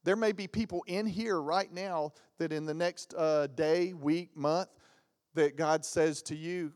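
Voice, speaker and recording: A Southern American man in his 40s, guest-preaching in a church sanctuary, delivers a lively sermon full of funny stories and put-on voices. His voice sits a little high and unhurried, trailing a long reverb.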